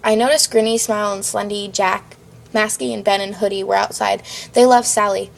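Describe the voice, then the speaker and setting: A woman's voice: mid-range voice, fairly even intonation, moderate pace, creaky. A woman reading a fan-written story aloud, hurrying through it with small stumbles. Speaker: fan fiction reader.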